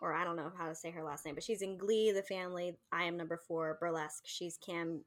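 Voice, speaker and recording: A woman's voice: fairly low pitch, fairly even intonation, fast talker. A woman co-hosting a casual podcast chat, talking loosely and laughing easily. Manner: chatty, laughing, swearing casually. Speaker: podcast co-host.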